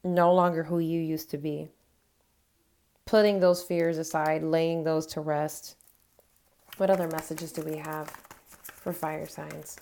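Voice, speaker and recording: Woman, tarot reader, slightly low voice, earnest and encouraging, emotional delivery straight to camera. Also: flat delivery, takes it slowly, gravelly, pauses often, dark tone. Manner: gives affirmations straight to her viewers. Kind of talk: tarot card reading to camera.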